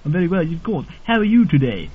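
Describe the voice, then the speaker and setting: A man acting a posh, overly polite English gentleman on a prank phone call. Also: fairly high pitch, sing-song, fast talker, breathy edge. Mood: politely creepy. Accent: put-on posh English. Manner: overly polite, formal, insistent. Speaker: prank caller. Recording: dull lo-fi recording with faint noise.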